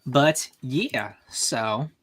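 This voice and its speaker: A man's voice: medium pitch, lively intonation, extremely slow, a bit bright, breathy edge. A man hosting a livestream over online voice chat, chatting loosely and summing up a fan story with fillers and restarts. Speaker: livestream host.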